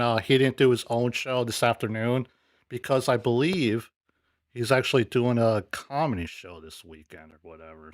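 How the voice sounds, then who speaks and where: A man with an ordinary mid-range voice hosts, talking casually between clips. He is hesitant and laid-back, filling pauses with uhs and ums, recorded dry and close. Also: medium pitch, fairly bright tone, no room sound. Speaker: show host reviewing clips. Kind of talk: casual commentary.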